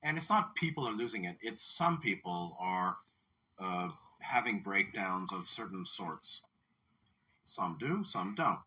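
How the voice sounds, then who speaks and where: A man giving a late-night spiritual lecture, speaking in a measured, careful way with hesitant pauses and fillers. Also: sits low, animated, pushed and bright, slight background noise. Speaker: lecturer and counselor. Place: in Thailand.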